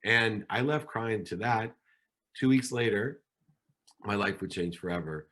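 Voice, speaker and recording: Middle-aged male guest, low voice, animated storyteller who acts out quotes. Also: unhurried. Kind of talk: storytelling in a podcast interview.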